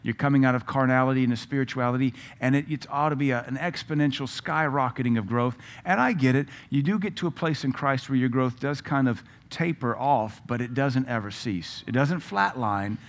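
A man's voice: mid-range voice, a little fast, few pauses. A man preaching a Bible-teaching sermon, emphatic and repeating phrases for stress. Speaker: pastor.

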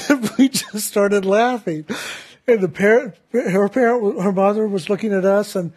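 A man giving a reflective spiritual talk as a teacher, gentle in tone and laughing easily while he tells a story. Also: high voice, moderate pace.

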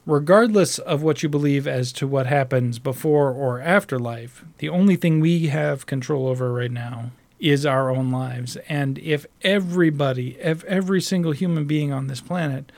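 Man, somewhat higher voice, casual profane storyteller; rambling, restarts often, animated. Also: moderate pace, few pauses. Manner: animated, mimics other voices while retelling. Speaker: call center customer service agent.

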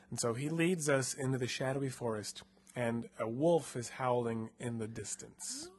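A man's voice: mid-range voice, unhurried, slightly rough. A man casually narrating a choose-your-own-adventure story with a co-host, laid-back and playful, full of filler words. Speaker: co-host reading a gamebook.

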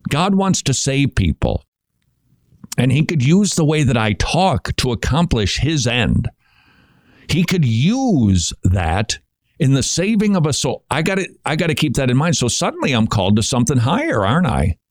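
A man's voice: medium pitch, very animated, normal speed, no room sound, studio quality. A man hosting a Christian talk show, giving earnest casual commentary on Bible passages, often stammering and restarting mid-thought. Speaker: Christian podcast host.

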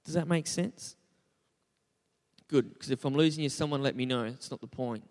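This young adult pastor keeps his sermon conversational, joking at his own expense and asking the congregation questions. His mid-range voice is a little mellow and moderately paced. It carries a big-room sound.

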